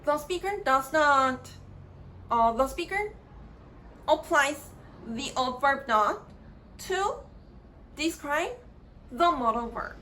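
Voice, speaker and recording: A high-pitched woman gives a grammar lesson at a very slow, measured pace. She halts often and repeats words while she works out her phrasing. A faint background noise sits under the voice. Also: lively intonation, bright, forceful tone, low-quality recording. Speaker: grammar lecturer. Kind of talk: slow deliberate explanatory lecture.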